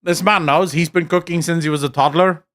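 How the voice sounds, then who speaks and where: A man's voice: a little high, fairly even intonation, brisk, fairly bright tone. A man with a South African accent, giving casual, enthusiastic reaction commentary on a stream, joking and swearing freely.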